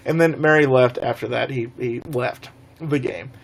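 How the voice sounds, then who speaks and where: A man's voice: medium pitch, normal speed, creaky. A young man telling a rambling, laughing story on a casual live stream.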